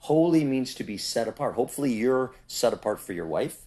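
A man preaching in conversation, insistent, often asking "ready?" and acting out quoted voices with big jumps in pitch. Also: lively intonation, a little fast, mellow. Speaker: street preacher.

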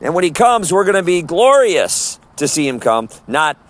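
A man's voice: a little high, very animated, normal speed, few pauses. A man preaching on the street, earnest and emphatic, quoting scripture.

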